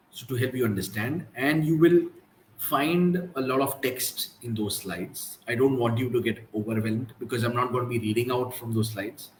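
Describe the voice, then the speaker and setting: A man with an Indian English accent hosting a casual live-stream talk, chatting loosely and slipping in quick Hindi asides. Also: mid-range voice. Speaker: host of a live productivity talk. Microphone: live stream from computer. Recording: roomy echo, faint background noise.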